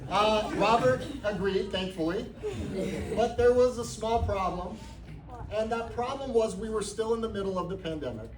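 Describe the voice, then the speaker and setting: A high-voiced man speaking at normal speed gives a funny acceptance speech at a jiu-jitsu academy, where he's a black belt being promoted. He tells an anecdote with comic timing that turns sincere, recorded from far off in an echoey room over a noisy crowd.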